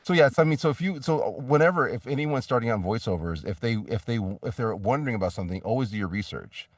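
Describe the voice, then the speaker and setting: A voice actor talking casually as a guest in an interview, rambling with many restarts and fillers. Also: male voice, mid-range voice, expressive, fast talker, no echo, studio quality, recorded from a distance.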